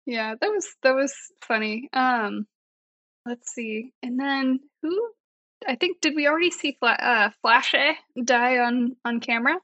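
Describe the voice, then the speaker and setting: High bright woman, amused recap chatter. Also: lively intonation, measured pace, pauses often, dry recording. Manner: amused, laughs often, wry asides. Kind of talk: casual movie recap chat.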